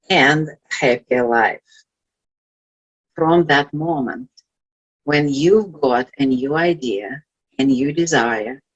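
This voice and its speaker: Woman, Russian accent, low voice, husky, slow earnest motivational talk. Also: low-quality recording. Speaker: guest speaker, life coach.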